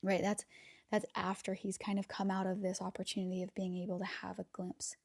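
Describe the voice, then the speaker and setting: A woman hosting a podcast, talking casually and with enthusiasm, sometimes dropping to a soft near-whisper and repeating words as she gathers her thoughts. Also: medium pitch, level tone, a little fast, vocal fry. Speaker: podcast host. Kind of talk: casual reflective monologue.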